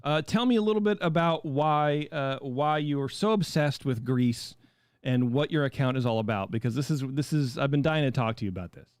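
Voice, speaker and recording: A man's voice: medium pitch, a little fast, no echo. A man hosting a casual podcast chat, rambling and self-deprecating, who has a cold. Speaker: podcast host.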